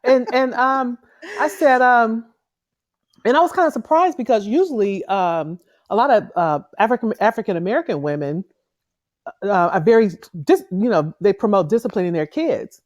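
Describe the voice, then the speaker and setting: A woman's voice: a little high, lively intonation, normal speed, no echo, clean studio sound. Hesitant middle-aged woman telling a story. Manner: hesitant storytelling with many fillers. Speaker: podcast co-host. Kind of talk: casual chat.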